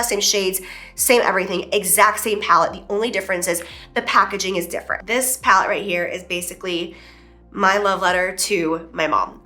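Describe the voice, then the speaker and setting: A woman in her thirties talks through a beauty collection with a casual, gushing delivery. Her voice is bright and forward, and she leans hard on emphasis as she goes. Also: mid-range voice. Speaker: beauty vlogger and brand owner. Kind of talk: casual product presentation.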